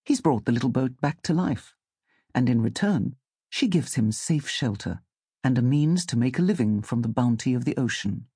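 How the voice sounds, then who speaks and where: A man narrating an audiobook story in a calm, measured way on a close studio mic. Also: medium pitch, slightly rough, dry recording.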